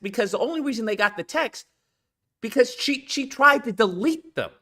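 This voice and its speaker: A man's voice: extremely high pitch, moderate pace. A man hosting a casual chat, telling a story with emphasis and acting out what others said. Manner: animated, emphatic storyteller who acts out quotes. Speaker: show host.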